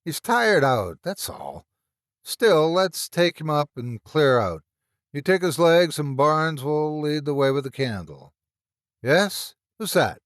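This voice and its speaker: A man voicing Meagle, a boisterous, teasing young man who grows sharp and urgent, in a read-aloud horror story. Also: on the high side, very animated, takes it slowly, dry recording, clean studio sound, voice pushed up. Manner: hearty, teasing, rising to sharp.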